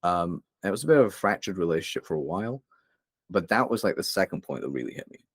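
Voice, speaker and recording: A young man from England, a guest on a podcast, talks candidly about hard times in his life. His voice sits very low, and the close, dry recording keeps every word near. He rambles a little, with fillers and restarts. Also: very animated, fast talker, breathy edge, no room sound. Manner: open, emotional, rambling with many fillers. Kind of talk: candid interview storytelling.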